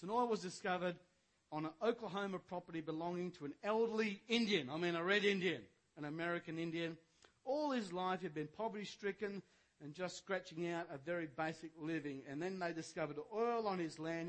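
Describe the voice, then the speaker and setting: An older male pastor giving a sermon, moving between quiet conversational asides and loud, shouted preaching, with jokes and stories along the way. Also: sits high.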